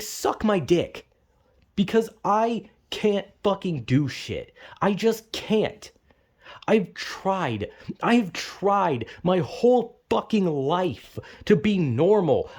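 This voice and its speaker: Young adult vlogger venting in a heated, profane monologue, voice neither high nor low. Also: a little mellow. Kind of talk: angry ranting monologue.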